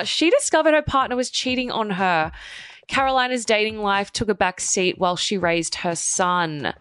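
A woman's voice: mid-range voice, fairly bright tone, no echo. A young woman hosting a reality TV gossip show, reading a script with sarcastic, chatty asides.

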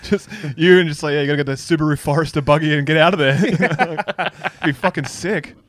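A man's voice: fairly high pitch, fairly bright tone, no echo. An Australian man cracking jokes and riffing during a podcast chat. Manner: joking, quick interjections, laughs. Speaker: podcast co-host. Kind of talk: casual chat, banter.

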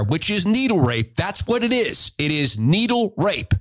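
A man's voice: high voice, sing-song, measured pace, few pauses, fairly bright tone, no room sound. A man hosting a podcast, delivering a heated, emphatic and sarcastic commentary rant. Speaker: podcast host.

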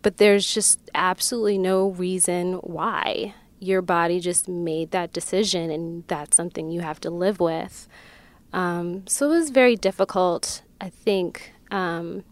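A woman sharing a painful personal experience in a slow, measured, reflective way. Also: fairly low pitch, steady tone, no room sound. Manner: slow, measured, emotional recollection.

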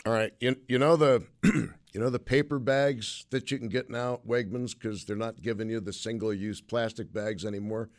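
A man hosting a call-in radio show, hoarse and hiccuping, chatty and wry about himself. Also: fairly low pitch, steady tone, moderate pace, few pauses. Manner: chatty, self-mocking, wry. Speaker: radio talk show host.

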